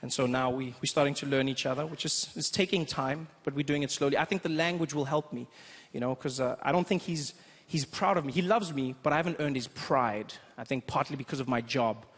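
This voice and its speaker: A young man from South Africa doing a stand-up comedy routine, an animated storyteller who breaks into loud impressions. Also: medium pitch, brisk, husky.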